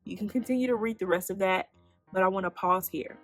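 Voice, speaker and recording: A woman hosting a faith-based self-help podcast who teaches in an animated way, asking the listener questions and then answering them herself. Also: mid-range voice, quick pace, faint music behind. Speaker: podcast host.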